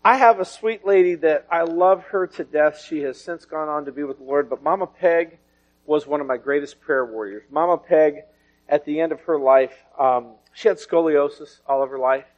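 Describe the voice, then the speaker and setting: A man's voice: fairly high pitch, normal speed. A man, preaching a sermon full of personal testimony and told in a folksy, storytelling way. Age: 40s. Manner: folksy storytelling with laughter and swings in volume. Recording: dull lo-fi recording.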